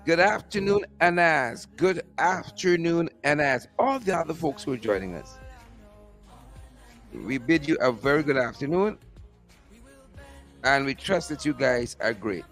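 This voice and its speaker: A man with a Guyanese accent hosting a live stream from outdoors, repeating upbeat shout-outs to his viewers by name. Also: on the high side, animated, unhurried, pauses often, faint music behind. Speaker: host.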